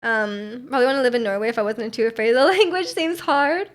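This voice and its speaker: On her livestream, a young North American woman with a slightly high voice chats fast and casually with viewers. She rambles, giggles easily, and fills every gap with little fillers.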